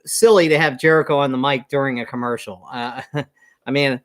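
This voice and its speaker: A man's voice: medium pitch, steady tone, a little fast. A man with an ordinary mid-range voice co-hosts a casual review show. He recaps at an easygoing pace, filling his sentences with "uh" and chuckling often. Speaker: wrestling show co-host.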